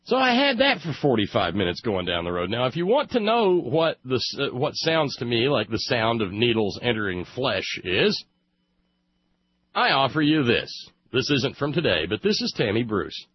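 A man's voice: medium pitch, very animated, moderate pace, husky, no echo. A man telling a long sarcastic monologue, building to comic outbursts. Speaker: radio commentator. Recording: muffled lo-fi recording.

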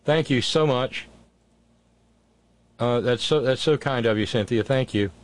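A male talk radio host with an easygoing, wry delivery. He moves between the callers, listener notes and thank-yous in a relaxed, conversational way. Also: medium pitch, measured pace.

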